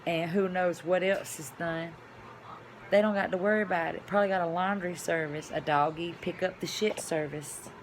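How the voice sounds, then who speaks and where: A woman vlogger telling a personal story to camera, chatty and animated, dropping to hushed asides and rising to loud exclamations. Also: on the low side, normal speed, a little hiss or hum. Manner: chatty, addresses viewers as y'all.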